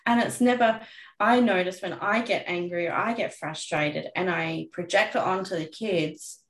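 A woman's voice: on the low side, moderate pace. A woman in her thirties, a mother and coach, talking frankly and reflectively as a podcast guest, swearing casually. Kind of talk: candid podcast conversation. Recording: roomy echo.

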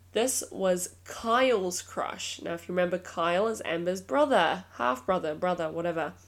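Blunt, swearing woman podcast host. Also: fairly low pitch. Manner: blunt and exasperated, swears freely, laughs often. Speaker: true crime podcast host. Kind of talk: casual storytelling podcast narration.

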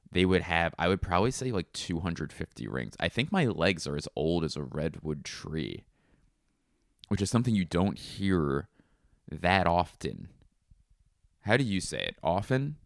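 A man's voice: deep voice, creaky, no echo, clean studio sound. A young man hosting a solo comedy podcast, rambling through crude, self-mocking riffs. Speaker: podcast host.

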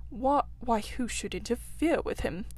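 A woman's voice: on the high side, lively intonation, unhurried, a little mellow. A woman voicing a timid, wide-eyed male mole, new to the river, in an eager, nervous storybook reading.

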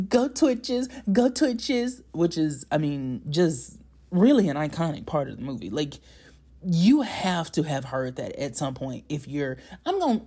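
A man's voice: on the high side, mellow. A man giving a casual, chatty movie recap, laughing often and poking fun at himself. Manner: chatty, laughing, self-mocking, slangy. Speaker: movie reviewer.

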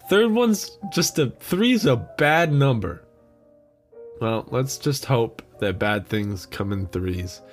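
Slow-talking young man ranting solo. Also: mid-range voice. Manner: swears a lot, rambling and sarcastic. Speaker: podcast host. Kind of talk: solo comedic rant.

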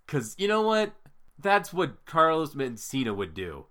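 A man in his thirties, a podcast host telling funny family stories in casual chat, animated and mock-serious. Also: mid-range voice, normal speed.

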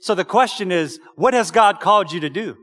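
Male preacher, high voice, exhorting sermon delivery, long echoing church reverb. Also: lively intonation, a little fast, fairly bright tone, soft background music. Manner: exhorting, calls out "Amen?" to the congregation.

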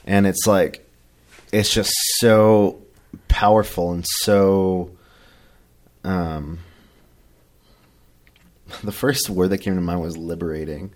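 A man co-hosting a podcast, talking about faith in a reflective, halting way with many fillers. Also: low-pitched, fairly even intonation, a little mellow. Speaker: podcast co-host. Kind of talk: casual faith discussion.

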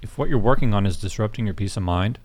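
A man's voice: fairly low pitch, fast, darkish tone. A man co-hosting a podcast in casual chat, earnest and agreeable, often tacking on "man" and "like". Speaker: podcast co-host, residential real estate agent.

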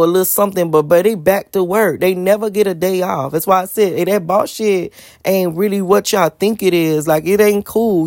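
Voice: mid-range voice, a little mellow, no room sound, studio quality. Blunt, profane vlogger telling a life story. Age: adult with school-age kids. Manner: blunt, profane, emphatic repetition. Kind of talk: casual storytelling monologue.

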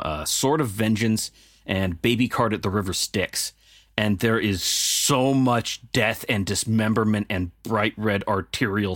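A man's voice: fairly low pitch, a bit bright, no room sound, clean studio sound. A man co-hosting a music podcast, breaking down production in an analytical, jokey way. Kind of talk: casual music review chat.

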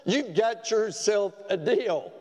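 Sly kid voiced by a male preacher in a sermon joke; pitched up, knowing drawl, reverberant hall. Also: animated, takes it slowly, darkish tone, exaggerated voice. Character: sly cheeky little boy.

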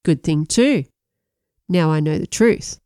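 A woman's voice: low voice, animated, slow, dark tone, smooth, no echo, clean studio sound. A woman reading an audiobook, voicing a menacing, sneering teenage boy who bullies and threatens. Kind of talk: audiobook narration.

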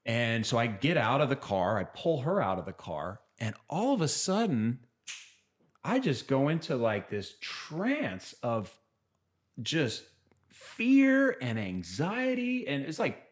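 A man telling a personal story as a guest on a podcast, animated and acting out what people said. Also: mid-range voice, slow pace. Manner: animated, acts out quotes, trails off and restarts. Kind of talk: casual storytelling in a podcast interview.

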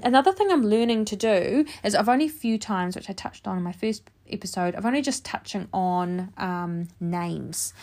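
A woman who works as a medium, chatting casually to her listeners about a reading, with many fillers and lively quoted exchanges. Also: mid-range voice. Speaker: medium, podcast host.

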